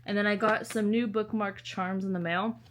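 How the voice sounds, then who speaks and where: A woman's voice: medium pitch, steady tone, moderate pace, slight background noise. A young woman with a slight lisp, chatting casually in her book vlog with anxious, self-interrupting energy. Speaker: book vlogger.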